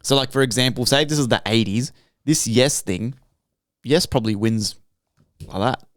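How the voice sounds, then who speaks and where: Smooth-voiced Australian podcast guy. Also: mid-range voice, moderate pace, no echo, studio quality. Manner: animated, heavy swearing. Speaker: podcast host. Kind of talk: casual podcast chat.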